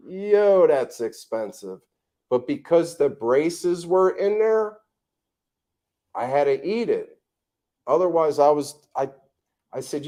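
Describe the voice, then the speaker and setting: A man from the United States hosting a casual livestream chat from home, blunt and animated, cursing freely as he tells stories. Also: fairly high pitch, slow pace, long pauses. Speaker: vlog host. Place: home in the tropics.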